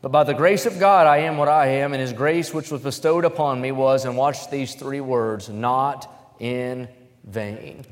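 A man preaching a sermon, switching between plain testimony and loud, emphatic scripture reading. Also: mid-range voice, normal speed, few pauses, long reverb tail.

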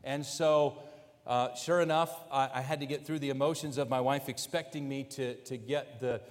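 A man telling a personal story about his family, animated, with lively quoted asides. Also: mid-range voice. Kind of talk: personal story told to an audience. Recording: long hall reverb.

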